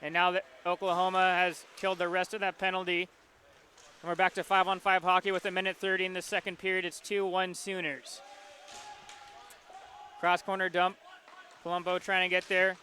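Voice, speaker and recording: A man calling live hockey play-by-play, following the puck in quick, rhythmic bursts. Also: high-pitched, completely flat delivery, bright, forceful tone. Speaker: play-by-play announcer.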